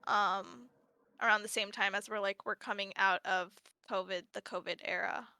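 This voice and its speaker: A woman's voice: medium pitch, fairly even intonation, moderate pace, bright, forceful tone, smooth, no echo. A woman moderating a fan panel, chatty and light, reading out quiz questions and laughing easily. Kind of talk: casual panel discussion.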